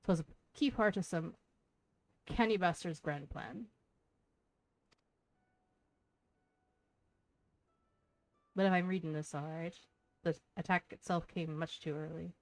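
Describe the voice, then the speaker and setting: A woman voicing a coarse, scheming male tavern keeper in a rough put-on Irish-sounding brogue, reading game lines aloud. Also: medium pitch, normal speed, a little mellow, lightly acted. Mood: gruff. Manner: swearing, blunt, drawled.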